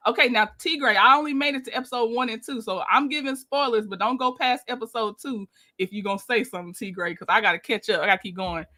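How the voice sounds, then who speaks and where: Bright, chatty woman recapping a show. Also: fairly high pitch, fast, hardly any pauses. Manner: chatty, addresses viewers directly, opinionated asides. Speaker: YouTube commentator. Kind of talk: casual reality-show recap.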